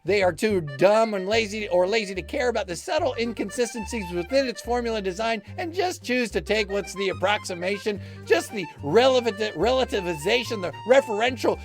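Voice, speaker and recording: A man's voice: high-pitched, creaky. A man hosting a live stream, rambling and joking in a mock-lecture way with sing-song asides. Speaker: host. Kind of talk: goofy live-stream banter. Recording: music playing behind.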